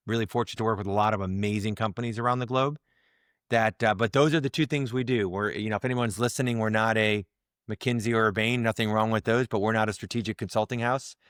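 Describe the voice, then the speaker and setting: A man guest on a podcast, talking in a casual interview, animated and full of restarts and repeated words as he acts out tones to make his point. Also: lowish voice, clean tone, dry recording, clean studio sound. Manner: animated, explains through examples and acted-out tones. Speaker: guest, leadership communication coach.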